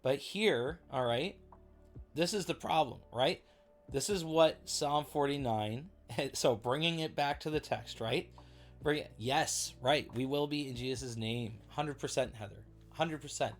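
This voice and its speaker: Man, casual Bible teaching stream, chatty, excitable outbursts, mid-pitched voice, soft music underneath. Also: a little slow. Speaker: livestream Bible study host.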